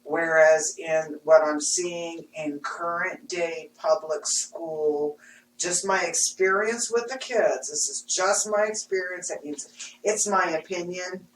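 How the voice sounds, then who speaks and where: Woman in her fifties, blunt and animated, casual chat, lowish voice, echoey room, far from the mic. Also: takes it slowly. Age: 50s. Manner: frank, animated, laughs often. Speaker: intuitive reader and healer. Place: studio room. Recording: roomy, distant mic, faint hum.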